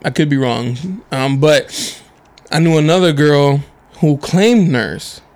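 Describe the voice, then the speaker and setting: A man co-hosting a podcast, telling stories in a loose, swearing, laughing way, his voice a bit deeper from covid. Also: slow pace. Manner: animated, swearing, laughs often, mimics people in stories. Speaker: podcast co-host. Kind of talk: casual chat, storytelling.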